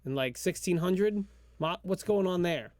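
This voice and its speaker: A man co-hosting a podcast, his voice sitting a bit high as he excitedly spins a made-up adventure story. He thinks out loud, restarting sentences as ideas tumble out. The recording is dry, with little room sound. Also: unhurried, no echo. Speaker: podcast co-host. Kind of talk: improvised storytelling chat.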